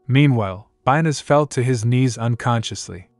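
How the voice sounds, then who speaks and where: A man narrates a story recap in a steady, matter-of-fact voice of middle pitch. The recording is close and dry, with faint background music playing under him. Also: normal speed, no echo.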